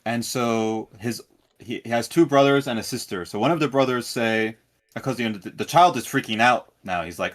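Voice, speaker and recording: A man guest telling a short spiritual story in a casual chat, earnest and halting, with many restarts. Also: medium pitch.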